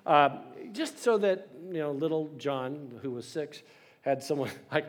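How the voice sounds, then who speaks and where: A man's voice: mid-range voice, normal speed. A man in his sixties preaching a sermon with storytelling and self-deprecating humor. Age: 60s. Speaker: pastor.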